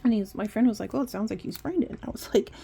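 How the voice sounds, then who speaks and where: A woman's voice: on the high side, racing, vocal fry, warm tone, breathy edge. A woman vlogger chatting casually and rambling while she decorates her planner. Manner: chatty, rambling, self-interrupting.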